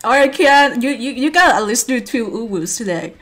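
A woman hosting a livestream who gets giggly and excited as she reads out donations. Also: fairly high pitch, a little fast, music in the background. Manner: giggly, excitable, thanks donors. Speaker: streamer host. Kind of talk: casual livestream chat.

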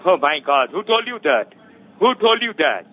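A man's voice: a little high, very animated, normal speed, husky. A man with an Indian accent making an insistent scam sales call in broken English, over the phone. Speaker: scam caller. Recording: tinny phone line.

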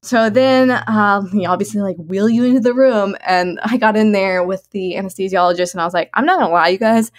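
A woman's voice: brisk, few pauses. Chatty laughing young-sounding woman. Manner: chatty, laughs often, lots of "like" fillers; animated, swings into high excited tones. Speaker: guest sharing her birth story. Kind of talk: casual personal storytelling.

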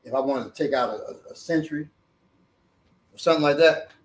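High-voiced man teaching self-defense. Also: brisk. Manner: animated, jokey, repeats words. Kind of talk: hands-on demonstration.

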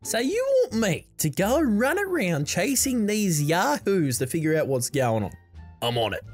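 A woman hosting gameplay commentary with comic skits, chatty and excitable with plenty of slang. Her voice sits on the lower side and rises and falls in lively swings. Faint music runs underneath. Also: normal speed. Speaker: gaming channel host.

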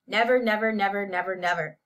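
A woman's voice: mid-range voice, fairly even intonation, brisk, fairly bright tone, close to an everyday voice. A woman reader voicing a pushy, drunk rich man who keeps repeating himself. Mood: blustering.

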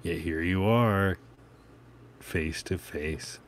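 A man voicing a cold, menacing male vigilante who speaks slowly and pointedly. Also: low voice, a little hiss or hum. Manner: slow, cold, pointed delivery.

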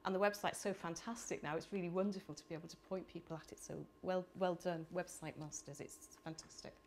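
A middle-aged woman from the United Kingdom speaking at a conference, animated and chatty with laughing asides. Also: fairly low pitch, fast, slight background noise. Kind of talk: conference talk. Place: conference hall.

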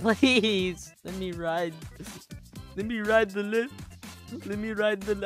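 Playing a video game with soft music underneath, this gaming YouTuber speaks unhurriedly in a medium pitch. Her commentary is playful and full of jokes, and she often yelps and laughs excitedly.

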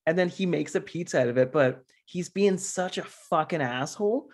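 Podcast cohost dude, kinda high voice, rambly and laughy, swears a bunch. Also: male voice, animated, normal speed. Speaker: podcast co-host. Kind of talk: casual chat.

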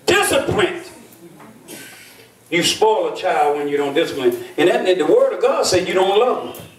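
High-voiced older preacher, echoey church. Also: male voice, a little fast, distant mic, a little hiss or hum. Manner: folksy storytelling, call-and-response with congregation. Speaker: bishop and pastor. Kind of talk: sermon.

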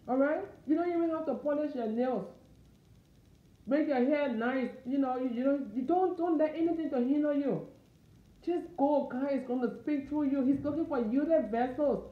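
A woman's voice: high voice, normal speed, roomy sound, phone-quality sound. A woman with a Liberian accent giving an informal, fervent sermon from her dining room, repeating her urgings. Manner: fervent, repetitive exhortation. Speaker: Christian encourager.

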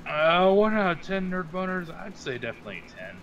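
A man's voice: high voice, big pitch swings, fairly quick, a bit bright. Laid-back male co-host, dull lo-fi sound. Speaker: podcast co-host. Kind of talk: casual movie chat.

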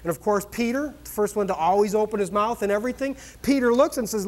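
A man's voice: sits high, quick pace, hardly any pauses. A male pastor preaching a sermon in a folksy, conversational way, telling the story with exclamations and humor.

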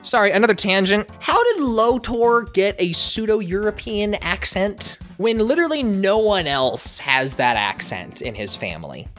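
A woman giving animated, sarcastic commentary as a show reviewer. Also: medium pitch, measured pace, few pauses, soft background music. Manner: sarcastic, wry asides.

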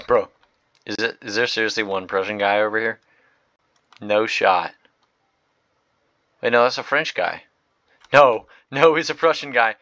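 A young man giving excitable, slangy gameplay commentary, swinging from loud outbursts to mumbled asides. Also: fairly low pitch, measured pace, long pauses, no echo, highs cut off. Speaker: gaming video host.

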